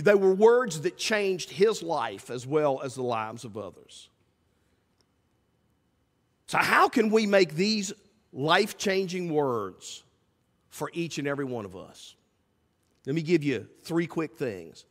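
A man preaching a sermon as pastor, swinging from loud calls to hushed asides. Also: high-pitched, expressive, takes it slowly. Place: church sanctuary. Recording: church sanctuary with long reverb.

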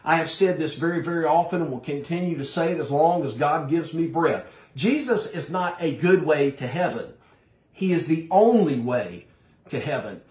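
A man's voice: on the high side, lively intonation, moderate pace, a little mellow. Emphatic male preacher, echoey room. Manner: emphatic, addresses listeners as folks. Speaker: pastor. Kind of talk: sermon.

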